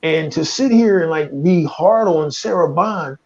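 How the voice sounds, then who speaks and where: High-voiced American man ranting, lo-fi. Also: unhurried. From United States. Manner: profane, stammering restarts, laughs at his own jokes. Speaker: podcast host. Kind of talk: casual opinionated chat.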